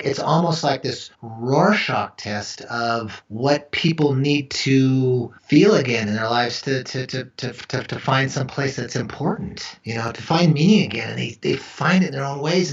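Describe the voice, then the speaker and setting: A man being interviewed about his book, telling stories and acting out the dialogue with lively energy. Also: mid-range voice, moderate pace, hardly any pauses. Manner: animated storyteller acting out dialogue. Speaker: author and interview guest. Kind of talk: storytelling interview chat. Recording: echoey, distant, dull remote audio.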